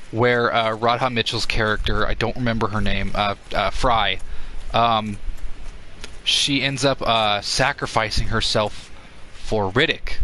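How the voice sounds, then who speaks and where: A man's voice: medium pitch, bright, forceful tone, slight background noise, poor audio. A man giving casual, rambling gameplay commentary, full of fillers and swearing.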